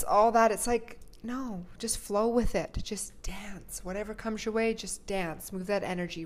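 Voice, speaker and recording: A woman in her thirties co-hosting a casual conversation. She talks in an upbeat, spiritual way and likes to tell stories. Her pitch sits in the middle. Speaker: podcast co-host. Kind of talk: casual chat.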